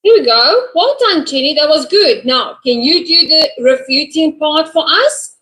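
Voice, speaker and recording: A woman's voice: high-pitched, lively intonation, unhurried, pushed and bright, poor audio. A woman teaching English over a video call, prompting her student and praising each answer. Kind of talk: online lesson.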